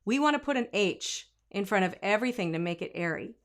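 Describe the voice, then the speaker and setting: A woman vocal coach giving a singing lesson, breaking into sung example lines and dropping to quiet asides. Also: mid-range voice, animated, brisk. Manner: demonstrative, sings example lines; drops to asides and quiet comments.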